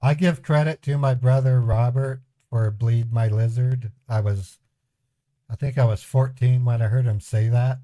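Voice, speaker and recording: Male streamer, casual storyteller who chuckles through anecdotes; mellow timbre, dry close mic. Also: medium pitch, fairly even intonation, a little slow, no echo. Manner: rambling, chuckling anecdotes with voiced quotes. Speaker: scambaiting livestream host. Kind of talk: casual storytelling to a live chat.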